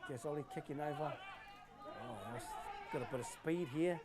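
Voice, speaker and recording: A man commentating a live touch rugby match, chatty and quick to laugh. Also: fairly high pitch. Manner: chatty, laughing, excitable calls. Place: outdoor sports field. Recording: outdoor crowd noise.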